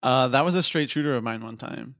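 A man's voice: medium pitch, brisk, fairly bright tone, no room sound, clean studio sound. A man co-hosting a comedy podcast, teasing the others playfully in casual chat.

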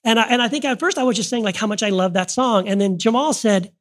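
A woman's voice: medium pitch, quick pace, few pauses. A woman hosting a podcast, talking earnestly in a casual way, often restarting her sentences, recorded live before an audience. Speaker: podcast host.

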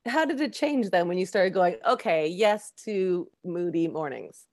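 A woman's voice: fairly low pitch, expressive, measured pace. A woman hosting a casual interview, supportive and affirming, asking reflective follow-up questions. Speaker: host.

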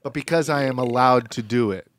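A man co-hosting a podcast in casual chat, deadpan and cutting in with absurd asides. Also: medium pitch, fairly quick, dry recording, studio quality. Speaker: podcast co-host.

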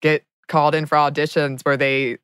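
A woman's voice: sits low, level tone, normal speed, clear, resonant tone, dry recording, clean studio sound. A woman hosting a podcast who chats in an enthusiastic, playful way. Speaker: podcast host. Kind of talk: casual podcast chat.

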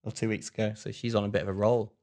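A man co-hosting a relaxed podcast, rambling through a story with lots of restarts and fillers. His voice sits on the low side. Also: fast talker. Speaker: podcast co-host. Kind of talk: casual chat.

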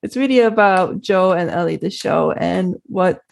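A woman chatting casually on a podcast, laughing and thinking out loud as she talks. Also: lowish voice, normal speed, creaky. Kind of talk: casual chat.

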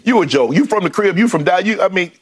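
Husky, lively high-pitched man debating. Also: quick pace, a little hiss or hum. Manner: stammering restarts, emphatic. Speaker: sports debate analyst. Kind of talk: heated sports debate.

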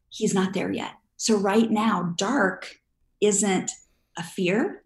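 An emphatic woman coaching a parent on a child's sleep. She talks with a steady, middle pitch and breaks into short acted-out scenes to make her point. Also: takes it slowly, low-quality recording. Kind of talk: advice conversation.

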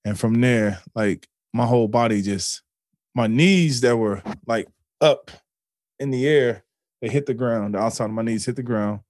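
A man's voice: mid-range voice, normal speed, a little mellow, dry recording. A man in a podcast interview speaks in a middle-range voice, recorded close and dry with no room sound. He tells his story earnestly and emotionally, swearing freely and often restarting his sentences. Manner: earnest, emotional and profane, with many restarts and fillers. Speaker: podcast guest.

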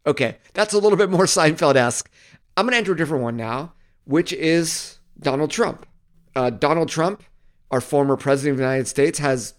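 A man's voice: medium pitch, measured pace. A man hosting a casual walkthrough of a marketing tool, chatty and thinking aloud. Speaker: marketing video host. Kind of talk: casual screen-recording walkthrough.

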